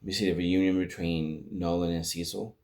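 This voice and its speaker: Man, deep low voice, casual commentary, rambling recap, retells scenes. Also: flat delivery, normal speed, a little mellow. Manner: rambling recap with restarts and acted-out quotes. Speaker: show reviewer.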